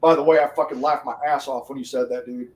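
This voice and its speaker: Speaking quickly at a medium pitch with fairly level intonation, this male streamer rambles through profane small talk with his audience and laughs often. He's recorded far from the microphone in a roomy space.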